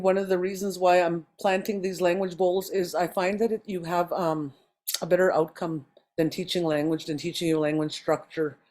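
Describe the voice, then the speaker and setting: A woman teaching a language class over a video call, explaining step by step with frequent pauses and ums. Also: on the low side, darkish tone.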